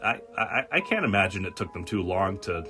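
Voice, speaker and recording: Lively, bright-voiced male podcast host. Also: low voice, a little fast, faint music behind. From New England. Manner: animated storyteller, acts out quotes, laughs often. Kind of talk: casual podcast chat.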